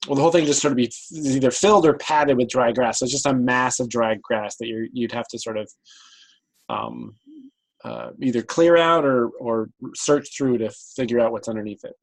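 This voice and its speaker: A man's voice: mid-range voice, brisk, creaky, low-quality recording. A man narrating as game master of a tabletop game, hesitant with many fillers.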